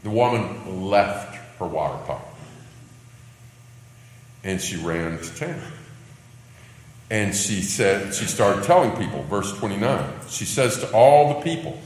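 A Bible teacher with a lowish, slightly mellow, expressive voice moves slowly through a scripture passage, leaving long pauses. His expository sermon reads and explains the text, mixing in conversational asides and light laughter. The recording carries the echo and faint ambience of a hall.

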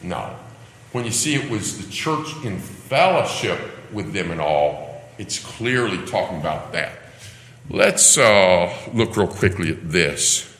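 A man's voice: fairly low pitch, a bit bright. Emphatic man teaching in an echoey hall. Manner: emphatic, asks rhetorical questions. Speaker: Bible class teacher. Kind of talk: teaching a Bible lesson. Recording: echoey hall with long reverb.

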